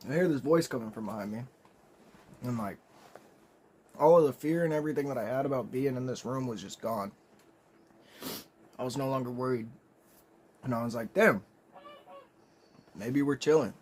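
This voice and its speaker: A young man tells a comedic storytime in a loose, rambling way, dropping swear words constantly. He clears his throat and coughs often between sentences. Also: medium pitch, normal speed, long pauses, a little mellow, a little hiss or hum.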